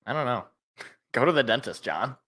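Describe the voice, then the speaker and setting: Rambling bright-voiced male sports host. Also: medium pitch, normal speed. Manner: rambling, animated, self-interrupting. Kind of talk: casual solo sports rant.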